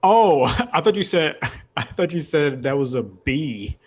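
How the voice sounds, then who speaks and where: A man's voice: on the high side, expressive, measured pace, slightly rough. A young man hosting a casual podcast, rambling through a long story with frequent laughs. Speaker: podcast host. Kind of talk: casual chat.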